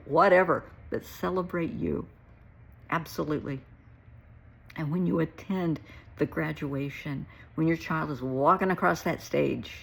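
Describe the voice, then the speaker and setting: A middle-aged woman with a low voice that has some gravel and a husky edge speaks directly to her viewers. She is a therapist, and her talk is earnest and heartfelt. She calls her listeners sweetheart. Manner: warm, earnest, emotional, addresses viewers as sweetheart.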